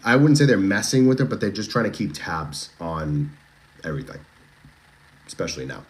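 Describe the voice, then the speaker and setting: Guy with a boston accent running a true crime live stream, deep voice, chatty, keeps restarting sentences and throwing questions at chat. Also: sing-song, normal speed. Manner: chatty, with frequent restarts and direct questions to viewers. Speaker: true crime livestream host. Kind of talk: casual live-stream chat reading viewer comments.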